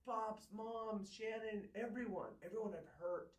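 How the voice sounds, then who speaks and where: A man co-hosting a podcast, telling a personal story in a candid, halting way with many restarts. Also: high-pitched. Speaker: podcast co-host. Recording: echoey room, far from mic.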